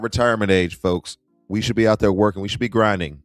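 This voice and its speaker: A man's voice: on the low side, fairly even intonation, fast talker, few pauses, no echo, faint music behind. A middle-aged man hosting a livestream show, chatting casually with wry asides as he reacts to clips. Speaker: host.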